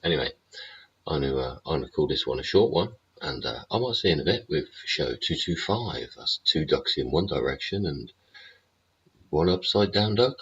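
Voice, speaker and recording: A British man with an extremely deep, husky voice rants about politics on his livestream, blunt and full of swearing. He keeps checking in with rhetorical tags. The audio is dull and lo-fi, like a cheap stream mic. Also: expressive, moderate pace, a bit bright. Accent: British English. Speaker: livestream host.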